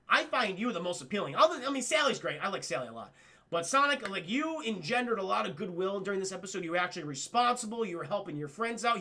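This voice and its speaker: A man hosting a livestream cartoon review, excitable and profane, who keeps talking to his chat. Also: high voice. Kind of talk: casual livestream commentary.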